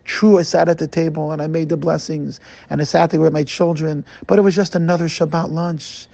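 A man voicing a gentle older rabbi who speaks with tender, heartfelt warmth to a troubled man. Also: on the high side, little pitch movement, brisk, vocal fry, dry recording. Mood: moved. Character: gentle older male rabbi, deeply moved.

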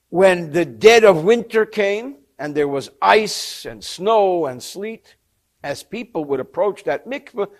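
A man with a high-pitched voice leads a class on a sacred text. He tells stories with energy and translates each Hebrew or Yiddish phrase into plain English. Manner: lively storyteller, mixes Hebrew and Yiddish terms with English translation. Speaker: Torah teacher. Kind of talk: storytelling lecture on a sacred text.

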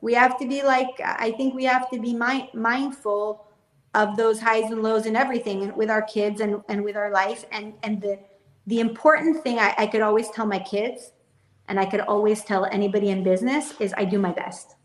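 A talkative young woman speaks earnestly as an interview guest, her voice sitting a little high. She laughs often as she talks. The room around her rings with echo. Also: fairly even intonation, normal speed. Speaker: interview guest, business owner. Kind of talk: casual interview chat.

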